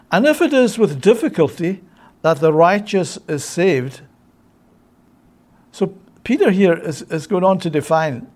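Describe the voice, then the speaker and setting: Fairly high-pitched and warm, a man's voice carries an emphatic sermon that leans on rhetorical questions, punctuated by a quick "yeah?" to check in with those listening.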